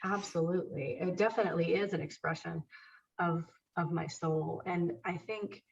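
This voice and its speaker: A woman's voice: lowish voice, steady tone, normal speed, creaky, recorded from a distance, lo-fi sound. A woman guest speaking earnestly and emphatically in a conversational interview. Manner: earnest, emphatic, repeats agreement. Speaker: guest, author and painter.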